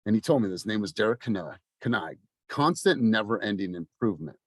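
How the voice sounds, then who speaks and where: A man in his thirties gives a fired-up talk to his sales team, blunt and peppered with swearing, his voice climbing toward a shout. It sounds close and dry, with no room around it, as on a video call. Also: lowish voice, expressive, fairly quick, husky, no room sound. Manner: passionate, swears, rising to near-shouting. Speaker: sales coach. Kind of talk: motivational team meeting talk.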